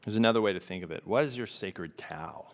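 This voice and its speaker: A man preaching a sermon as pastor, reflective and unhurried, pausing to let questions sink in. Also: sits low.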